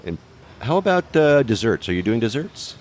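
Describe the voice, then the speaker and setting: A man's voice: mid-range voice, sing-song, normal speed, darkish tone, slight background noise. A man hosting a travel show, chatty and enthusiastic, interviewing a chef on an outdoor rooftop bar. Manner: chatty and enthusiastic, repeats words. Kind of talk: casual interview.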